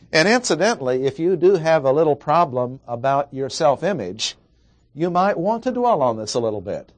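A man's voice: medium pitch, no room sound. Man preaching an emphatic expository sermon. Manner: deliberate, emphatic, repeats key points.

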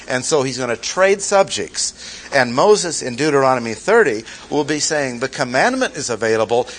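A man's voice: medium pitch, a bit bright, low-quality recording. A male Bible teacher in the middle of a sermon, with a mid-range voice that keeps returning to the same key phrases. He presses each point and turns to the listeners with questions. Faint noise sits under the recording. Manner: emphatic, repeats key phrases, asks the audience questions. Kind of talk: expository sermon.

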